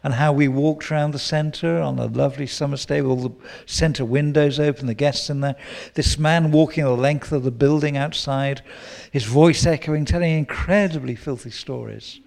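A man preaching a sermon, teaching with lively quoted prayers and asides. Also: a little high, normal speed. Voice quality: gravelly.

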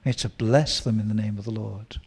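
Guy giving a sermon, gravelly voice, acts out little prayers as he goes. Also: on the low side, a little fast. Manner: animated teaching with quoted prayers and asides. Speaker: preacher.

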